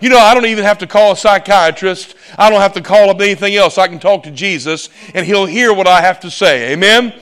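A male preacher delivering a sermon, emphatic and swinging from loud exclamations to hushed asides. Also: high voice, quick pace, hardly any pauses.

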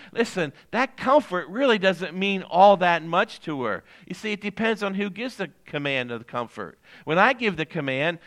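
An older man delivers a sermon in a bright, ringing voice that sits a little high. He talks with the congregation more than at them. He circles back to his main phrases and pauses for answers. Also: lively intonation. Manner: conversational preaching that repeats key phrases and questions the congregation. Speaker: pastor.

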